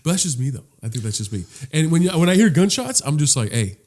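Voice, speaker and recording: A man's voice: on the high side, big pitch swings, quick pace, darkish tone. A man co-hosting a casual comedy podcast, rambling through stories, swearing and acting out the voices of people he met. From Los Angeles. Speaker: podcast co-host.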